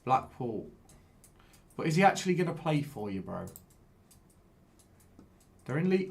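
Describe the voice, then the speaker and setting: Excitable lad streaming a game. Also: male voice, medium pitch, a little slow, gravelly, long pauses. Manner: excitable, swears, chats with viewers. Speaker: live streamer. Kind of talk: casual live-stream commentary while gaming.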